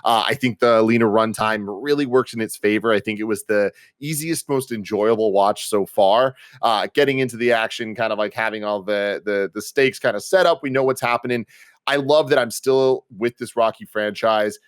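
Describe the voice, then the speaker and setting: Relaxed low man, dry sound. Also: moderate pace, smooth, no echo. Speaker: podcast co-host. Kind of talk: casual movie review chat.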